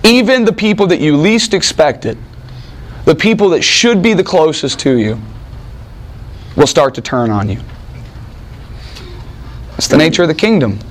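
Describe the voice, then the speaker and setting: Animated, high-voiced male preacher. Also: normal speed, pauses often. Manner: animated, conversational preaching with asides. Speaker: pastor. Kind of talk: sermon.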